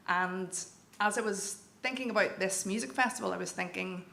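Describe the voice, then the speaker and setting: A woman's voice: mid-range voice, normal speed, vocal fry, few pauses, pushed and bright. A young woman from County Down with a Northern Irish accent, telling a personal story to a live audience in a candid, wry way. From Northern Ireland, County Down. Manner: candid, self-deprecating, wry. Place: event venue with audience. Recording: echoey hall with faint room noise.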